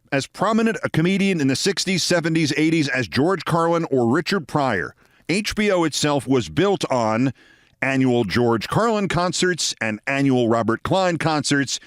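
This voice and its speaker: A male host spinning a long anecdote with wry, dramatic timing and a lively, swooping pitch. His voice sits in a middle register with a dry, close sound. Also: no room sound. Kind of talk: storytelling commentary.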